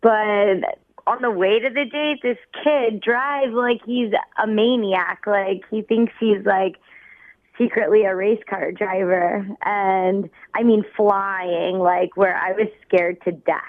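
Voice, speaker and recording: A woman's voice: mid-range voice, fairly even intonation, slow, no echo. A woman on the phone with a radio show, speaking hesitantly with many fillers. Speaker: caller on phone. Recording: tinny phone line.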